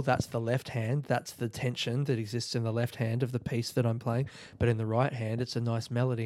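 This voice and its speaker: An Australian man from South Australia hosting a solo podcast late at night, talking quietly and rambling as he thinks aloud in bed. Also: mid-range voice, dry recording, studio quality. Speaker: podcast host and comedian. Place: bedroom at night. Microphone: own podcast mic set up in bed.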